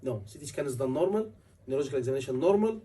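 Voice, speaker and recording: A man's voice: medium pitch, expressive, rapid-fire, dark tone, breathy edge, far from the mic. A man, tutoring a class for a medical exam, emphatic and repeating key words over and over. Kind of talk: classroom lecture.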